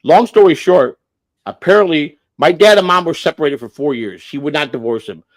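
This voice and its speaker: A man's voice: fairly high pitch, lively intonation, fairly quick. A man around sixty telling a family story on a livestream, blunt and profane, repeating and restarting as he goes. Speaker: livestream host.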